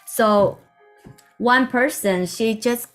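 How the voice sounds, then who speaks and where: Soft-spoken woman telling a spiritual story. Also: on the high side, very slow, soft background music. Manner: soft-spoken, meandering, with hushed asides. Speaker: spiritual teacher.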